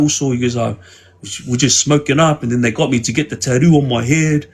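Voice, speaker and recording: Husky man, casual storyteller, rambling delivery, acts out dialogue. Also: mid-range voice, fast talker. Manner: rambling, with many restarts and quoted dialogue. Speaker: guest telling prison stories on a livestream.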